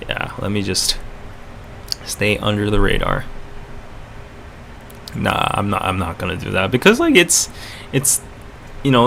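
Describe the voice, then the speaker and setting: A man's voice: mid-range voice, gravelly, pushed and bright, slight background noise. A man hosting a casual live stream, laid-back, laughing often and correcting himself mid-sentence. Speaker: podcast host.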